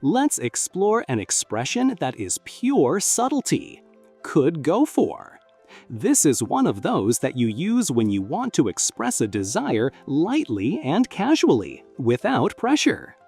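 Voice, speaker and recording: A narrator reading a scripted English lesson in a lively, emphatic explaining manner. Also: mid-range voice, unhurried, hardly any pauses, husky, soft background music. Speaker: English teacher.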